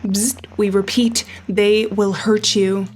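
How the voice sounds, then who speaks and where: A woman voicing a stern emergency radio announcer in a game, speaking slowly and flatly with warnings. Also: medium pitch, breathy edge. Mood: grave warning. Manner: slow, flat, warning delivery.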